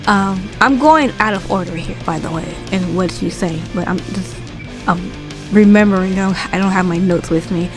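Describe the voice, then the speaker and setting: A woman's voice: normal speed, music in the background. A woman casually recapping a wrestling show in a vlog, chatty and full of fillers. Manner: animated retelling, acts out quotes in a higher voice; chatty with frequent fillers and asides.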